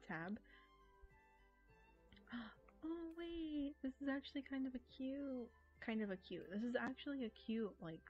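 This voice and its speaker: Giggly American woman streaming, dull audio. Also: a little high. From United States. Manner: giggly, rambling, self-mocking. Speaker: game streamer. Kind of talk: casual live-stream chatter.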